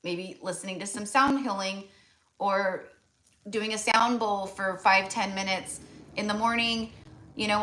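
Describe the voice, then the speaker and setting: A woman's voice: medium pitch, sharp tone, slight background noise. An American woman giving a casual tarot reading, chatty and full of fillers and restarts. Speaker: tarot reader.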